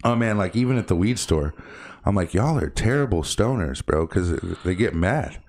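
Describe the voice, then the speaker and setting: A man co-hosting a podcast in casual chat, talking bluntly, swearing often and getting animated as he tells stories. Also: lowish voice, normal speed. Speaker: podcast co-host.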